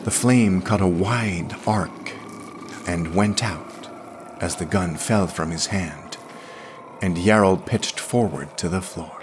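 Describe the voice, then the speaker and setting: A man reading a pulp science fiction story aloud, dramatic and expressive. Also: sits low, slow, background noise. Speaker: podcast reader.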